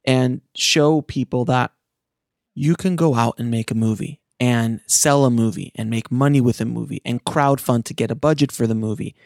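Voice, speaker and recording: Earnest man with a gravelly voice. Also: medium pitch, normal speed, a little mellow, dry recording, studio quality. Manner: earnest and passionate, with frequent restarts. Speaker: filmmaker and podcast host. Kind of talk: casual monologue to listeners.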